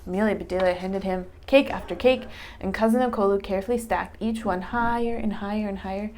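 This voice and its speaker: A woman teacher doing a read-aloud storytime, animated and chatting with a child. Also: mid-range voice, a little fast. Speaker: English teacher.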